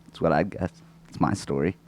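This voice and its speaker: A man's voice: extremely low pitch, fairly quick, a little mellow, dry recording. A man co-hosting a podcast, talking in a crude, rambling way with lots of swearing, his throat sore and coughing, close to the microphone. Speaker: podcast co-host. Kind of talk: casual chat.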